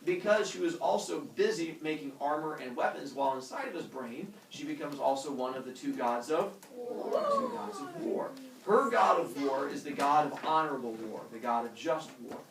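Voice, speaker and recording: Gravelly, lively male teacher storytelling. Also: a little high, moderate pace, hardly any pauses, background noise. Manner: casual, animated, filler-heavy with sound effects. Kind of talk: storytelling lesson. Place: classroom. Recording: roomy classroom from far off.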